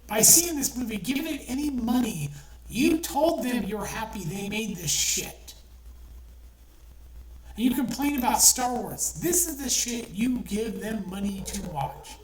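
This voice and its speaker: A middle-aged woman delivering an angry, profane rant as an online commentator, heated and repetitive. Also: a little high. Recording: echoey room, distant from mic, faint noise.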